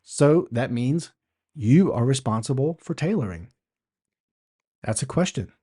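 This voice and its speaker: A man's voice: medium pitch, expressive, measured pace, warm tone, slightly rough. A man hosting an instructional podcast, teaching in a conversational way, asking rhetorical questions and often restarting his phrases. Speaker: podcast host.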